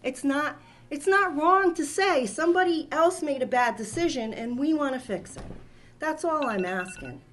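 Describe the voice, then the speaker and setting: A woman's voice: high-pitched, animated, normal speed, a bit bright. Emotional woman, rambling public commenter, faint background noise. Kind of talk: public comment at town meeting. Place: town hall meeting room.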